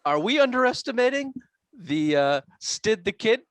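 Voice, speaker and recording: A man with a somewhat high voice hosts a loose sports podcast, laughing often and swearing freely. The sound is close and completely dry. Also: very animated, moderate pace, no room sound. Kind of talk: casual sports talk.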